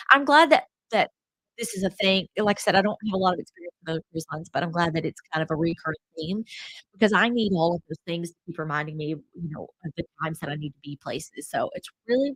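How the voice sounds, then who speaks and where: A woman's voice: on the low side, a bit bright, no room sound, rough recording. A woman hosting a casual travel livestream, chatty and rambling with lots of fillers, a bit stuffy from a cold. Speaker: travel channel host.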